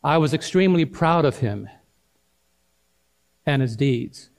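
A middle-aged male pastor preaching a sermon, swinging between loud and hushed delivery and calling out to the congregation. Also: a little high, expressive, measured pace, creaky.

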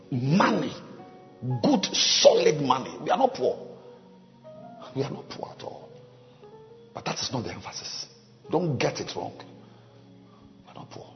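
A man pastor preaching a sermon, swinging from emphatic declarations to hushed asides and praying in tongues. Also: a little high, big pitch swings, takes it slowly, long pauses. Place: large church. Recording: muffled recording, long hall reverb, faint music.

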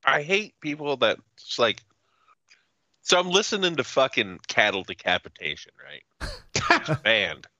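Profane ranting man, bright dull recording. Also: mid-range voice, measured pace, pauses often, no echo. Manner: profane, ranting, animated storytelling. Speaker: podcast co-host. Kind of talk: casual chat.

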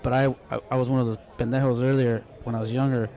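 Fast-talking, profane man telling stories. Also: mid-range voice, flat delivery, dark tone. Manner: rambling, profane storyteller with Spanish slang. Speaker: podcast co-host telling a story. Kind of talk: casual chat. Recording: muffled lo-fi sound.

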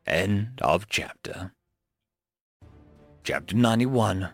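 A man's voice: lowish voice, expressive, slow pace, creaky, husky, no echo, soft background music. A man narrating an audiobook, telling the story steadily and voicing each character.

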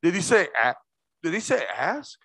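A man preaching a sermon as pastor, quizzing his congregation with quick questions and slowing down hard to stress key words. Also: sits high, sing-song, gravelly, fairly bright tone, husky, dry recording. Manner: call-and-response questions to the congregation.

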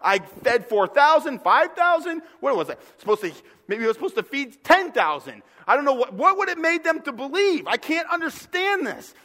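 A pastor voicing an exasperated Jesus who shouts at his followers in high, strained exclamations. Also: sing-song, normal speed, few pauses, heavily acted. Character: exasperated risen Jesus, a grown man scolding his followers. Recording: long reverb of a large hall.

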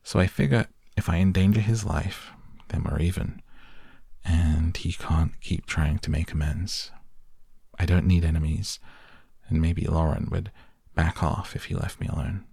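A man with a gravelly voice reading the lines of an anxious teenage girl who babbles nervously, in an audiobook. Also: low-pitched, fairly even intonation, measured pace, mellow, dry recording, clean studio sound, heavily acted. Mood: nervous babbling. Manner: nervous rambling chatter.

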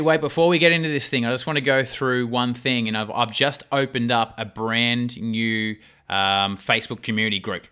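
A man's voice: mid-range voice, pushed and bright. A man hosting a podcast, chatty and upbeat with many fillers. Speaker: podcast host. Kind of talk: casual podcast interview.

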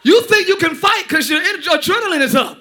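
A man preaching a lively sermon as pastor, often shouting and joking with the congregation. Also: very high-pitched, a little fast. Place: church sanctuary.

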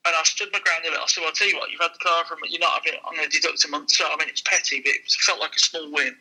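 Bright husky-voiced man telling stories. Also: a little high, very fast, rough recording. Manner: lively, acts out the people in his stories. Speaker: used car dealer, guest. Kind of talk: casual storytelling anecdote.

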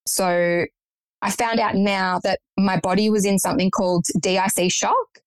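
A woman's voice: medium pitch, fairly even intonation, moderate pace, clear, resonant tone, no room sound, poor audio. A young woman guest recounting a personal story in conversation, earnest and matter-of-fact.

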